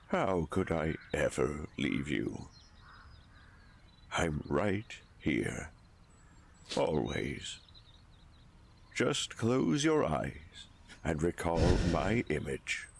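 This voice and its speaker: Late grandfather's spirit, very low gravelly voice, slow, lively pitch, soothing. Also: full character voice. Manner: soothing, tender. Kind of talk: video game voice acting.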